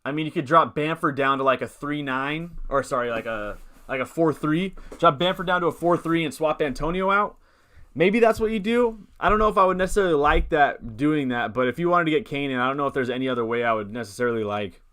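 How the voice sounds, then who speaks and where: A man's voice: on the high side, fairly quick, fairly bright tone. Upbeat young man thinking aloud on stream. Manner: thinks aloud, reads chat, rambling and upbeat. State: hiccuping. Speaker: fantasy football streamer. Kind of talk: casual live-stream chat.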